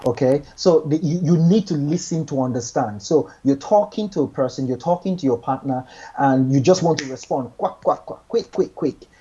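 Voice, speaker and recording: A man's voice: fairly high pitch, moderate pace, mellow, husky, lo-fi sound. A man giving relationship advice in a casual chat, earnest, often repeating and restarting his words.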